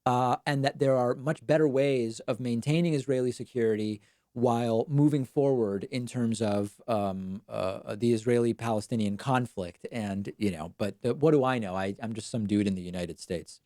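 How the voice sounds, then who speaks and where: A man hosts a live online show, moving between political commentary and viewer messages in a casual, quick, self-deprecating way. His voice sits in a middle register and is recorded close on a studio mic with a very dry, dead sound. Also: mid-range voice, mellow, dry recording. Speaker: show host.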